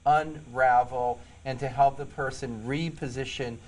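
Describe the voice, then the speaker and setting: Over poor audio, a psychologist who also serves as a police sergeant speaks with a New York accent, telling stories earnestly in an interview and emphatically repeating his main points. His medium-pitched, darkish voice stays steady and unhurried.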